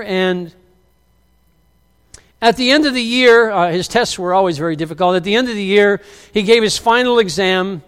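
A middle-aged man preaching from the pulpit with a high, smooth, resonant voice. He carries the congregation along as an animated storyteller, acting out the people he quotes. His words ring out with a long reverb, as in a large church hall. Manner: animated storyteller who acts out quoted lines. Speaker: pastor. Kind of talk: sermon.

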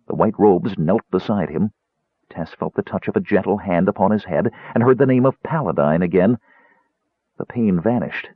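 A man reading a fantasy novel aloud in an expressive, dramatic narration. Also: lowish voice, breathy edge, no room sound. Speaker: audiobook narrator. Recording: tinny narrow-band dry recording.

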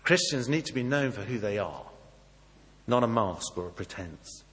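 A man preaching a sermon, acting out dialogue and swinging between soft and loud. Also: fairly low pitch, measured pace, long reverb tail. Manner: animated, acts out dialogue, varies volume widely.

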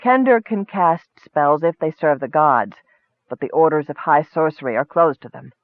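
A man voicing a calm, reserved male elf wizard who speaks in a measured, dry way. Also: a little high, no echo. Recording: tinny phone-like sound.

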